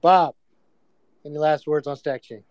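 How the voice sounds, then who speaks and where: A man with a fairly high, smooth voice hosts a casual group chat. He swears freely and calls on each speaker in turn. The sound is dry and close. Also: unhurried, a little mellow, no echo. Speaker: host.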